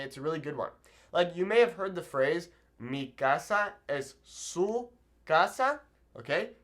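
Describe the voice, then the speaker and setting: A man's voice: a little high, fairly bright tone. A man teaching a Spanish lesson at a whiteboard, explaining patiently and checking in with "okay?" after each point. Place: room with a whiteboard.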